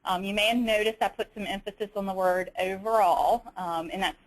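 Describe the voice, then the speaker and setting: A woman with a Southern US accent leads an instructional webinar. She explains each slide step by step in a methodical way, pausing on fillers and restarting her phrases as she works through the material. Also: mid-range voice, fairly even intonation, rough recording. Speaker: webinar presenter.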